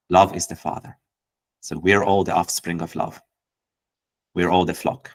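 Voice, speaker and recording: Man, very deep voice, host explaining poetry, gentle, searching, restarts phrases. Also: level tone, a little fast, low-quality recording. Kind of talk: reflective teaching talk.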